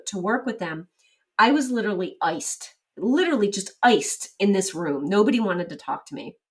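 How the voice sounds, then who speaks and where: A middle-aged woman speaking as an interview guest, telling lively stories and acting out quoted exchanges. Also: mid-range voice, distant mic. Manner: animated storyteller, acts out quoted exchanges. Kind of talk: casual interview storytelling.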